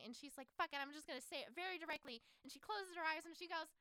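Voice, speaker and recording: A young woman co-hosting a casual chat, retelling a story in an animated way and acting out each character's lines, swearing and laughing often. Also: high-pitched, fast, few pauses, no echo. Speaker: podcast co-host.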